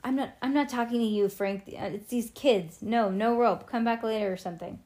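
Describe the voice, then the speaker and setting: A woman's voice: on the high side, fairly quick, darkish tone, natural voice. A woman reading aloud, voicing a harried man who is distracted by a phone call. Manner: distracted, brushing off.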